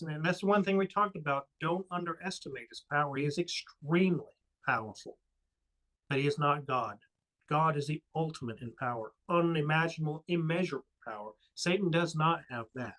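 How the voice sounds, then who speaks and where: Earnest, emphatic man with a higher voice. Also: fairly quick, fairly bright tone, poor audio. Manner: earnest, emphatic about faith. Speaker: co-host. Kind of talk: casual podcast discussion.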